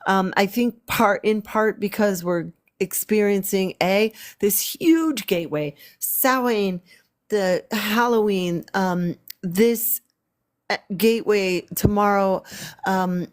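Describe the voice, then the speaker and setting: Slow, meandering woman on a spiritual livestream. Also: medium pitch. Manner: meandering, repeats phrases, frequent ums. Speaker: spiritual artist and healer. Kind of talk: casual spiritual livestream talk.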